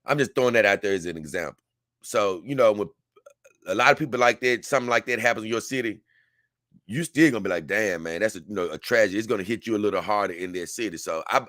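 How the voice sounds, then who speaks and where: A fast-talking vlogger from Memphis, Tennessee speaks in a lowish, sharp-toned voice, captured with clean studio sound and no echo. He casually tells a story to camera with earnest sincerity, rambling and restarting many times.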